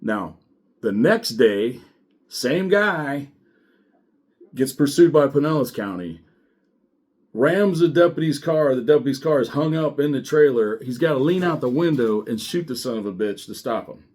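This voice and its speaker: A man's voice: medium pitch, measured pace. Blunt, profane middle-aged man. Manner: blunt, profane, animated storytelling. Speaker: former sheriff's deputy. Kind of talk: casual storytelling monologue.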